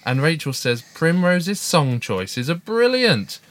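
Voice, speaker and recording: A man's voice: on the high side, big pitch swings, takes it slowly, a bit bright, dry recording. A middle-aged man co-hosting a casual family podcast, chatty and upbeat as he reads out listener emails. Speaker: podcast co-host, father.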